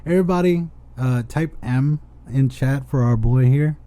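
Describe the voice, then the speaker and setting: A man's voice: mid-range voice, moderate pace, mellow. A young man co-hosting a podcast, laid-back and casually swearing. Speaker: podcast co-host. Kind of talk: casual chat.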